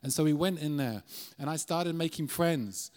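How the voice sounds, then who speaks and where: A man's voice: a little high, normal speed, a little mellow. A middle-aged Irish man preaching as a guest speaker in a church, earnest and conversational, often restarting his sentences. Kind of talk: sermon.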